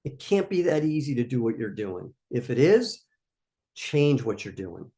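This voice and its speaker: A man's voice: mid-range voice, sing-song, unhurried, dark tone. A man hosting a live question-and-answer stream for startup founders, giving emphatic, coaching answers and repeating his key points.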